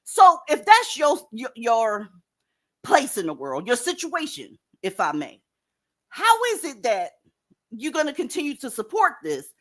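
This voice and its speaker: A blunt, profane woman talks straight at her viewers in casual commentary. Her voice sits fairly high and swings with emphasis. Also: huge pitch swings, measured pace, fairly bright tone. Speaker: commentary host.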